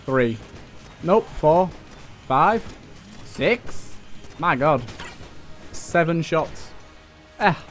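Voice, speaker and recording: Young let's-player, chatty and joking, slightly higher voice, soft game music underneath. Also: male voice. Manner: chatty, swears, jokey asides to enemies. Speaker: let's play gamer. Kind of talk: casual gameplay commentary.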